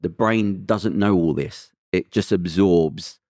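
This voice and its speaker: Deep-voiced man chatting on a podcast. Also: takes it slowly, no echo, clean studio sound. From Britain. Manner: rambling, emphatic, animated storytelling. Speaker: podcast host. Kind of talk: casual chat.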